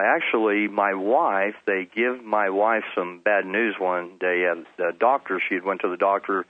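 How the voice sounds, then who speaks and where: A middle-aged Texan with a lowish voice calls in as a phone guest to earnestly share his personal testimony, restarting as he goes. The telephone line sounds tinny, with no echo.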